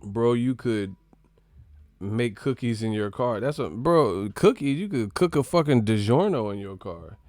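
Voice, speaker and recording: A man's voice: medium pitch, expressive, unhurried, darkish tone, no echo, studio quality. A man from California hosting a casual live stream, joking, swearing and laughing a lot as he reacts to his chat. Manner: joking, laughing often, profane, mimics voices.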